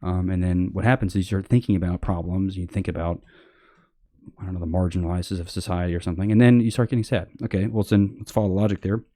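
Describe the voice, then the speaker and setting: A man rambles through a blunt, casual monologue in a low, mellow voice, full of fillers and the odd curse. He jumps into high, sarcastic voices to mock other people. The sound is dry and close. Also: steady tone, fast talker, no room sound. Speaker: podcast host.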